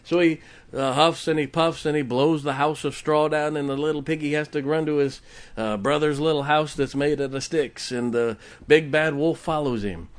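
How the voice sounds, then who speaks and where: Folksy preacher joking through a sermon. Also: male voice, a little high, normal speed. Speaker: pastor. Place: church sanctuary.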